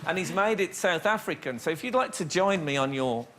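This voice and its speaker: A man's voice: sits high, lively intonation, a little fast, crowd noise. A man hosting a comedy show, telling playful anecdotes and laughing often. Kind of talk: comic chat with studio audience. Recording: loud studio audience laughter and noise.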